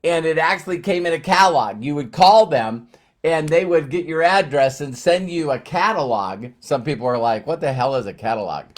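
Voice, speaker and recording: A man in his sixties giving a casual motivational talk, conversational with frequent fillers and slow, stressed phrases. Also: fairly high pitch, animated. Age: 60s. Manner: conversational, fillers and slowed emphasis. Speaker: motivational speaker.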